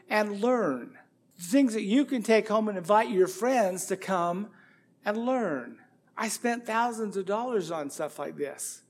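A man's voice: sits high, darkish tone. A middle-aged man preaching a sermon as pastor, rambling through a folksy anecdote full of quoted dialogue. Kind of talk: sermon with storytelling.

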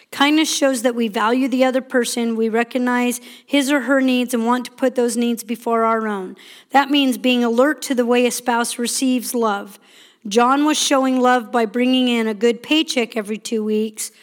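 Lady with a high voice teaching a marriage class, reads off notes, does little side comments. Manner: reads from notes with asides, acts out short quotes.

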